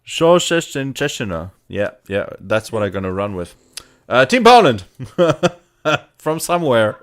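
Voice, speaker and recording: A man's voice: lowish voice, big pitch swings, measured pace, a bit bright. A man co-hosting a casual live stream, talking to himself playfully while working at a computer. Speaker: co-host of a tabletop wargaming stream.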